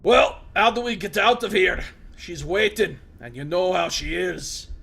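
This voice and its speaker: A man doing a gruff, growling cyborg scavenger. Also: high-pitched, a little slow, a bit bright, voice pushed up, full character voice. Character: gruff battered middle-aged male cyborg scavenger.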